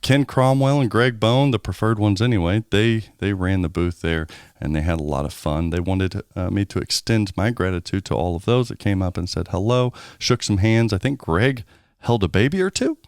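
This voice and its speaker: A man's voice: lowish voice, moderate pace, darkish tone, clean tone, no echo, studio quality. A man co-hosting a podcast in casual chat, candid, rambling and joking. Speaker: podcast co-host.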